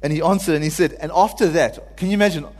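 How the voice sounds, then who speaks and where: Earnest male preacher, informal sermon, a bit high-pitched, echoing church hall. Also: fast, a little mellow. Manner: earnest, builds to pleading cries when quoting.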